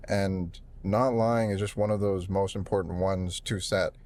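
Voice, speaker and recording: A man's voice: sits low, fairly even intonation, measured pace, darkish tone. A man hosting a casual conversation, talking in a reflective, loose way. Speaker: host. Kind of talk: casual chat.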